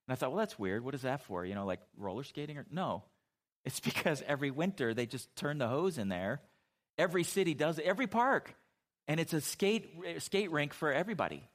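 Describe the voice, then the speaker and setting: A man's voice: a little high, sing-song, brisk. A middle-aged man preaching a sermon as a pastor, telling stories in an easy, conversational way, with frequent restarts and asides.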